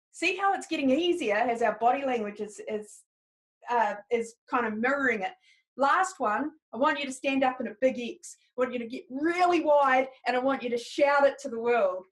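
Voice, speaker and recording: A woman leads a live training webinar. Her voice sits high and bright in pitch, and she keeps an upbeat, encouraging tone as she speaks directly to her listeners. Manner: upbeat, encouraging, talks straight to the audience. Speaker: presentation skills trainer.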